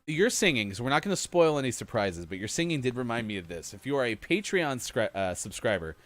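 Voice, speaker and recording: A man's voice: mid-range voice, very animated, brisk, a bit bright, dry recording. A man co-hosting a morning gaming stream, reading out player scores in an upbeat announcer way. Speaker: morning show co-host. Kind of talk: live-stream game commentary.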